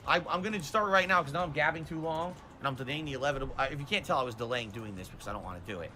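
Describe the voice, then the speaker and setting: Racing along in a fairly high, bright, forceful voice, this man narrates his own video game playthrough as a streamer, with sarcasm and swearing and mocking impressions of the in-game dialogue. A slight hiss or hum sits in the recording.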